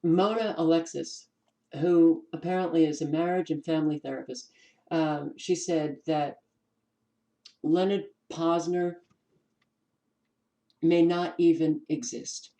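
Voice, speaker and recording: A woman with a New York accent, hosting her own channel and giving casual commentary as she reads from documents, pausing with ums and restarting words. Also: deep voice, fairly even intonation, dark tone, poor audio. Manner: unhurried, stops to restart words, many ums. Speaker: channel host.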